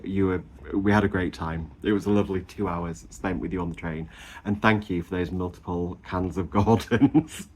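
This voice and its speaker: Man, 30s, low voice; chatty vlogger gushing about his weekend, lots of ums and laughs. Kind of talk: casual chatty weight-loss update.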